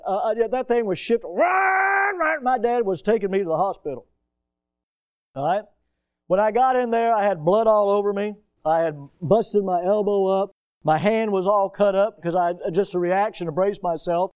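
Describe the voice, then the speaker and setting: A middle-aged man preaching a sermon as a pastor, alternating slow, drawn-out emphasis with quicker runs and dropping to quiet, soft passages. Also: high-pitched, smooth.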